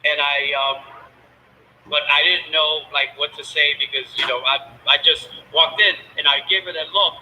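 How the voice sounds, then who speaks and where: Halting father telling a story, echoey. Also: fairly high pitch, steady tone, sharp tone, a little hiss or hum. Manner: halting, with many fillers and restarts. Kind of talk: emotional personal storytelling.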